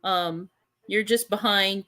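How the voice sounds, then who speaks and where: A woman's voice: mid-range voice, steady tone, slow pace, bright, forceful tone. A woman co-hosting a casual livestream, reading viewer comments aloud in a teasing, easygoing way.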